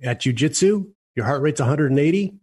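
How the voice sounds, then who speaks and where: A man's voice: on the high side, animated, a little fast, a little mellow, slightly rough. A man hosting a radio talk show, blunt and jokey in his opinions.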